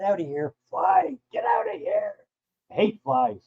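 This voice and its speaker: A man's voice: very high voice, huge pitch swings, measured pace, creaky, dry recording, lo-fi sound. A man co-hosting a casual chat, heckling the others with crude jokes and swinging his voice around. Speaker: podcast co-host. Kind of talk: casual banter.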